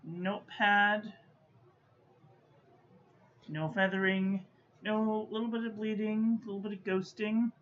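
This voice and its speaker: A woman's voice: medium pitch, steady tone, slow, pauses often. A woman giving a casual stationery review, muttering to herself and playfully scolding as she goes. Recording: dull lo-fi audio with faint background noise.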